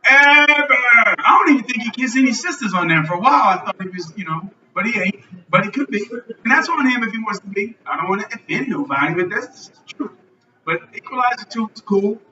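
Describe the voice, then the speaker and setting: A man hosting a live podcast on a club stage, joking loudly and swearing a lot. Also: sits high, lively intonation, fast talker. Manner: loud, profane, joking. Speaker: podcast host. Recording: roomy lo-fi live venue recording from a distance.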